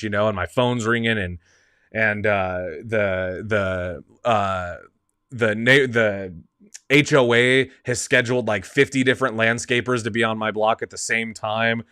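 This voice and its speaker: A man's voice: fairly low pitch, bright, forceful tone, clean tone, dry recording, studio quality. A male host chatting casually about films, rambling, restarting his thoughts and laughing often. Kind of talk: casual movie talk.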